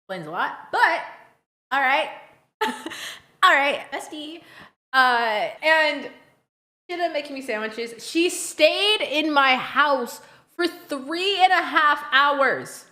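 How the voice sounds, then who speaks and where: A woman streamer tells a story to her chat in an animated, blunt way, swearing freely and often breaking into laughter. Her voice sits high and sounds bright and sharp. The recording has a roomy echo. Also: slow pace.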